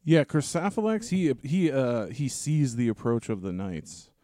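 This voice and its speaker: A man co-hosts a podcast in easygoing casual chat, with a few hesitant fillers as he retells a story. His tone is mellow and the recording is dry and close. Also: mid-range voice, sing-song, a little slow, no room sound. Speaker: podcast co-host.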